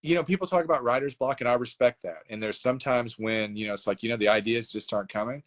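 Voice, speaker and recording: A man at an everyday middle pitch, chatting as a guest in a relaxed interview. He rambles and stacks up fillers, and he pokes fun at himself as he goes. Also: quick pace. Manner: rambling, self-deprecating, many fillers. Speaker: guest author. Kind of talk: casual interview chat.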